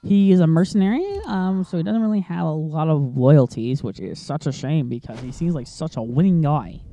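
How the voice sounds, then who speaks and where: On the high side and mellow, this man's voice carries a casual let's play, where he rambles off on tangents as he plays a video game. Fillers pile up and he laughs a lot, over faint game music.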